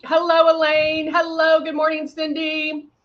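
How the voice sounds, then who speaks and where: A woman hosting a live makeup tutorial, chatting casually with viewers and filling pauses with frequent ums. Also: sits high, completely flat delivery, muffled recording. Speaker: makeup livestream host.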